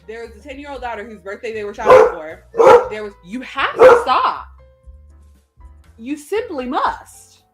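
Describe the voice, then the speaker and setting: A woman with a fairly high voice tells a story from work in a casual, animated way, slipping into little voices for the people involved. She is speaking over a video call, with faint music in the background. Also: brisk, vocal fry. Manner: animated, acts out voices while telling stories. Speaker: podcast co-host. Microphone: video call setup.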